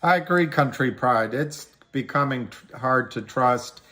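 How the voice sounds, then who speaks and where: A man hosting a casual livestream, answering viewer comments in a slow, halting way with many ums and restarts. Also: mid-range voice, pushed and bright. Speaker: livestream host.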